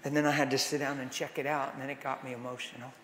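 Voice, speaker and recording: A middle-aged man preaching at a conference, telling a story in a conversational way that swings from hushed to loud. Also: mid-range voice, flat delivery, very fast. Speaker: conference speaker. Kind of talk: storytelling sermon. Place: large conference hall. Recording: echoey hall with long reverb.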